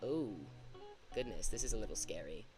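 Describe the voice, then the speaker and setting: A man's voice: lowish voice, expressive, normal speed, music in the background. A man chatting casually on a livestream while drawing, thinking aloud and laughing at himself. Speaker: streamer.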